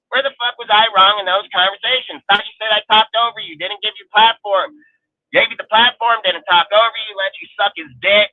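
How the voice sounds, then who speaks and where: A man with a high voice hosts a sports talk panel and lets loose a furious, profanity-laced rant. He talks aggressively, boasts, and fires off insults one after another. His voice comes through tinny and phone-like, with a dry sound. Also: no echo. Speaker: show host.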